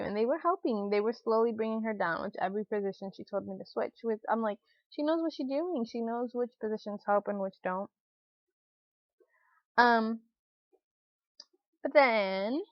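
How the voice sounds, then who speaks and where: A woman's voice: medium pitch, dry recording. A young woman and new mother telling a personal story in a casual, chatty way, with lots of fillers, lifting her voice when she quotes herself and others. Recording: dull, lo-fi recording.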